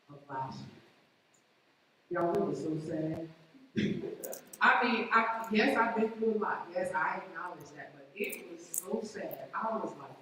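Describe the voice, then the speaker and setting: A woman's voice: fairly low pitch, lively intonation, a little slow, a bit bright, a little hiss or hum. A woman giving a motivational talk at a conference, often asking the audience direct questions. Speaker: conference speaker. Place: large hall with a live audience. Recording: echoey hall, mic far off.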